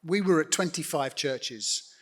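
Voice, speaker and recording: In an on-stage interview, a middle-aged church network leader from the United Kingdom addresses the congregation earnestly and directly, appealing to them. He speaks a little slowly in an animated, fairly high, fairly bright voice.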